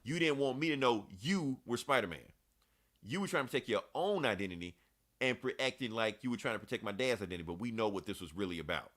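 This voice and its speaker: A man's voice: mid-range voice, animated, fast, fairly bright tone, natural voice. A man quoting a bitter young man who holds a grudge, in an accusing, profane way.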